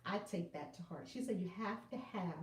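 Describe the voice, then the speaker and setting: A woman hosting a tarot video, chatting casually to her viewers and often breaking into loud laughter. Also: on the low side, a little fast, roomy sound, distant mic. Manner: animated, laughing loudly, exclaiming often. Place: room at home.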